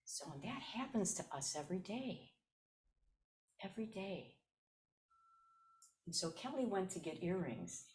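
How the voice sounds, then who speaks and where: A woman's voice: medium pitch, big pitch swings, unhurried, pauses often, a little mellow. A woman in her seventies from Chicago's South Side, a Zen teacher giving a dharma talk as personal storytelling and repeating her key phrases. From South Side of Chicago, USA. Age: 70s.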